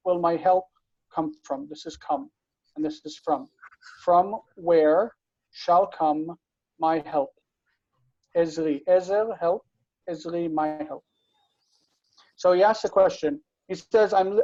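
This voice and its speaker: A man teaching Biblical Hebrew in an online class, explaining slowly and patiently and often checking that students follow. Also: high-pitched, a little mellow, no room sound, highs cut off. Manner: slow, patient explaining with frequent checks for understanding.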